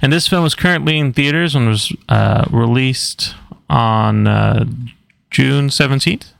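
A man's voice: medium pitch, vocal fry, dry recording. A man co-hosting a movie podcast, reading a film's details in a matter-of-fact way. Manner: matter-of-fact, reads credits briskly. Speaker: podcast co-host. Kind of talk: casual movie review chat, reading a synopsis.

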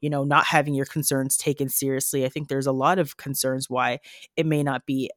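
A woman's voice: very deep voice, little pitch movement, fairly quick, dry recording. Woman nurse talking on a podcast, earnest, lots of ums and restarts, dry sound. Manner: earnest, many fillers and restarts. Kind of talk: podcast conversation. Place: Canada.

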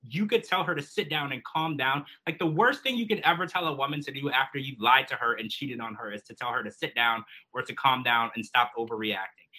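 A man's voice: mid-range voice, pushed and bright, breathy edge, rough recording. A man co-hosting a podcast, giving emphatic and indignant opinions in casual recap chat. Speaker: podcast co-host.

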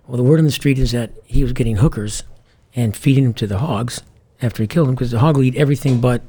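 Male ex-police commander, raspy voice, lively storyteller who acts out the dialogue. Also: medium pitch, fast, hardly any pauses. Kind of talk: anecdotal interview storytelling.

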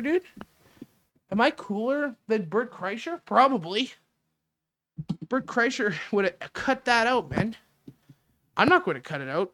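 A man's voice: high-pitched, very animated, a little slow, pauses often, fairly bright tone, no room sound. A man hosting his own show, ranting in a crude, sarcastic, rambling way into a studio mic. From Canada. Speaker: podcast host. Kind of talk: casual solo rant. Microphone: studio mic with windscreen.

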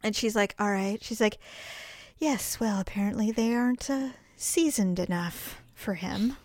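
A woman's voice: mid-range voice, measured pace, dry recording, studio quality. A woman telling family stories in casual chat, acting out the voices of the people in them. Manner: animated, acts out voices of family members while telling stories.

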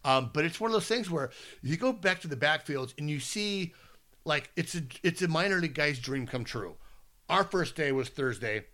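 A man in his fifties co-hosting a podcast, telling stories in a casual, animated way with frequent restarts. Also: on the high side, moderate pace. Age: 50s. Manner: animated storytelling, rambling with restarts. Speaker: podcast co-host. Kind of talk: casual chat.

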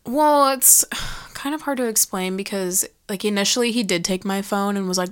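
A woman's voice: medium pitch, steady tone, moderate pace, fairly bright tone, smooth. A woman telling a story as a podcast guest, blunt and full of swearing, acting out her own past lines. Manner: blunt, heavy swearing, quotes herself dramatically. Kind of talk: casual storytelling.

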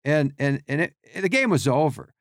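A middle-aged man, a podcast guest, telling animated behind-the-scenes stories and acting out quotes and sounds. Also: fairly high pitch, normal speed, no echo, clean studio sound. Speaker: podcast guest, team equipment worker. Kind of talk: casual storytelling.

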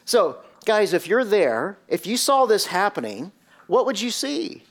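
Slow, storytelling preacher. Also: male voice, high-pitched, very animated. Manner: vivid storytelling with rhetorical questions. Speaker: pastor. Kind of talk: sermon.

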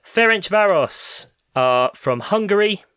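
A man's voice: sits high, lively intonation, takes it slowly, fairly bright tone, clean tone, no echo, studio quality. Playful man hosting a podcast quiz. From England. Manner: playful, teasing, reads out answers. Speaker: quiz host.

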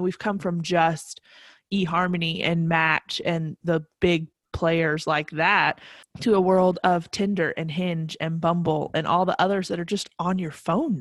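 A woman's voice: lowish voice, no echo. Upbeat woman co-host. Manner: upbeat, quick to laugh. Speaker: podcast co-host. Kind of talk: casual podcast chat.

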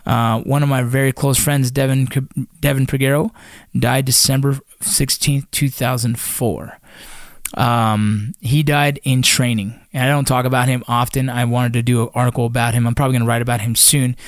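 A man's voice: mid-range voice, flat delivery, normal speed, no echo, clean studio sound. A man who is a former Army Ranger, telling a personal story in a casual, blunt way, full of swearing and fillers. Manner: blunt and profane, with many fillers.

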